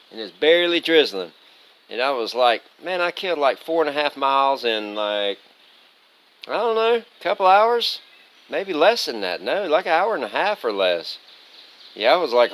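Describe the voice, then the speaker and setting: A man's voice: mid-range voice, a bit bright. A man hiking a long trail and talking to his handheld camera in an easygoing, rambling, self-mocking way, sometimes short of breath from climbing. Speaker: thru-hiker vlogger. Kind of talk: casual trail vlog. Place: outdoors on a forest trail.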